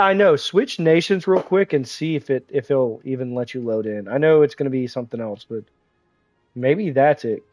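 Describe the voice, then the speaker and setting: A man streaming a game, talking casually in a profane, excitable, teasing way, with congested sinuses. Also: a little high, no echo. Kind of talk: casual gaming livestream commentary.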